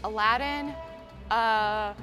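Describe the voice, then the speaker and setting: A young woman tennis player giving short, flustered answers in a quick-fire game. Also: a little high, over music.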